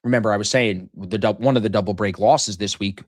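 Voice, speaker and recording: Brash joking man, low voice. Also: fairly quick, no room sound, clean studio sound. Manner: brash, joking, swears freely. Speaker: trading stream host. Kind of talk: casual live-stream chat.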